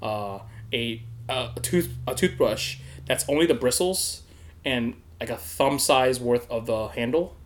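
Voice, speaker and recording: A young man chatting casually and telling a story, animated and profane, often laughing and acting out what people said. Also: medium pitch, unhurried.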